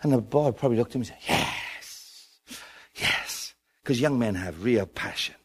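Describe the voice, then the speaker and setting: A man with an Irish accent preaching a sermon, acting out a story with lively dialogue and building to shouts. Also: medium pitch, quick pace, husky.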